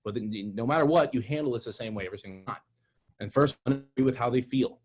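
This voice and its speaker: A young man giving an energetic, direct sales training talk, calling his audience "guys". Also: mid-range voice, quick pace, breathy edge.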